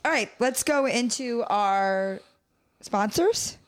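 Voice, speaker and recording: A woman's voice: on the high side, lively intonation, slow. A young woman co-hosting a casual podcast, rambling and giggling as she talks. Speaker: podcast co-host. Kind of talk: casual chat.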